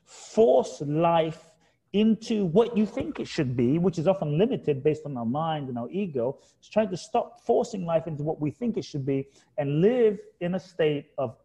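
A man's voice: fairly high pitch, expressive, normal speed, warm tone, highs cut off. A middle-aged man, a guest author in an interview, telling a reflective personal story in an earnest, heartfelt way and repeating key words for emphasis.

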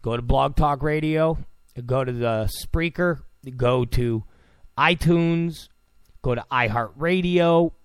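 A man's voice: fairly high pitch, slow pace, smooth, no echo. A man hosting a talk radio show, ranting in a sarcastic, mocking, abrasive tone.

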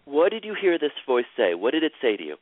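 A male host guides a caller through emotional healing, his mid-range voice unhurried and soothing yet very animated as he repeats phrases like a chant. The audio is thin and tinny, like a phone line, and completely dry with no room sound.

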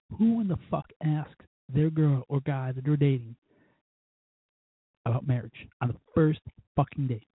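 A man's voice: mid-range voice, a little slow, long pauses, slightly rough, dry recording, phone-quality sound. A man hosting a show, telling a first-date story in a rambling, profane, self-mocking way. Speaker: podcast host. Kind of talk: casual storytelling monologue.

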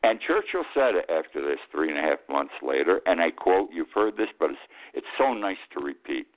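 An older man hosting a talk radio show, delivering an indignant, rambling political monologue and pausing to read quotes from his notes. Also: low voice, big pitch swings. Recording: tinny phone-like line.

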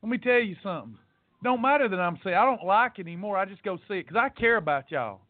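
A man's voice: high-pitched, animated, fast, no echo. A man hosting a weight loss podcast, ranting bluntly and scolding his listeners, repeating points for emphasis. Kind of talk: preachy motivational rant. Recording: tinny phone-like audio.

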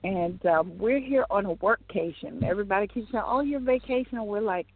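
Woman, radio co-host, effusive casual chat, drawn-out emphasis, phone-quality audio. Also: medium pitch, creaky. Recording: phone-like call-in line.

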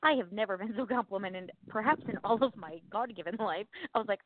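A woman co-hosting a casual faith podcast, chatty and animated, laughing at herself as she talks. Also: medium pitch, a little fast, phone-quality sound, slight background noise. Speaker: podcast co-host.

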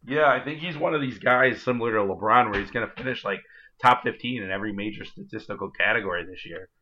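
Man in his twenties, low voice, bright tone, rambling with fillers, dull lo-fi recording. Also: fast. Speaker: podcast co-host. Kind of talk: casual chat. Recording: dull lo-fi sound.

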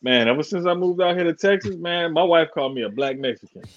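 Brief: easygoing New man, a touch high, co-hosting a casual chat. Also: lively intonation, fast, highs cut off, over music. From New Orleans.

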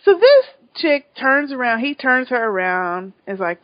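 A woman's voice: a little high, measured pace, few pauses, no echo. A woman co-hosting a podcast, retelling a TV episode in casual chat and acting out the characters' lines. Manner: animated retelling, acts out characters' lines, laughs. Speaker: podcast co-host. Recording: dull lo-fi dry sound.

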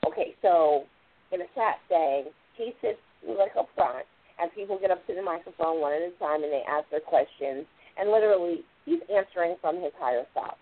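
Speaking a little fast in a lowish, animated voice, a woman hosts a spiritual radio show and explains things in a rambling, relaxed style peppered with "literally" and "like." The recording has a tinny, phone-line radio quality.

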